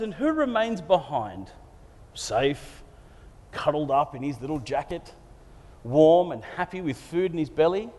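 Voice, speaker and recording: A man's voice: high voice, darkish tone. A man preaching a sermon, retelling a story with playful asides. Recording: long hall reverb.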